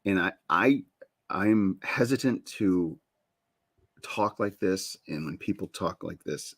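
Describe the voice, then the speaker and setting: Man host, very low voice, husky, animated, dry close sound, rambling casual chat. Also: takes it slowly, no room sound. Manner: rambling, self-interrupting, laughs at himself. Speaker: show host.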